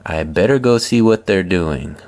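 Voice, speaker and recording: A man hosting a comedy video, reading funny posts aloud with wry, deadpan asides. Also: low-pitched, measured pace. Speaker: host reading viewer posts.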